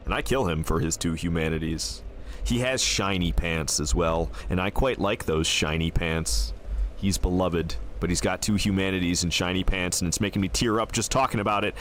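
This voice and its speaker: A man streaming a video game, giving excitable live commentary as he plays. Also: sits low, moderate pace, a little hiss or hum. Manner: excitable, animated, laughing and groaning at the game.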